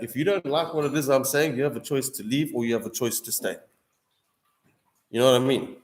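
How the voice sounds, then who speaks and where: A young man in a casual, heated monologue, swearing often and calling the listener bro and dude. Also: medium pitch. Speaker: streamer answering viewers. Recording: echoey room.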